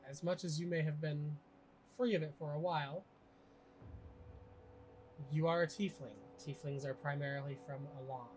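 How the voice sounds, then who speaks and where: A young man narrating as game master in a tabletop game, casual and halting with many fillers. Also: on the high side, steady tone, darkish tone, slight background noise, rough recording.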